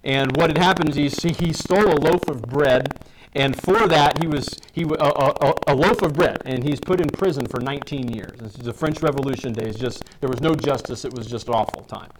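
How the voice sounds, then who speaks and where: A man's voice: mid-range voice, brisk, background noise. A man preaching a sermon in a loose, rambling way, full of restarts and asides. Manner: casual, rambling, with many restarts. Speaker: pastor.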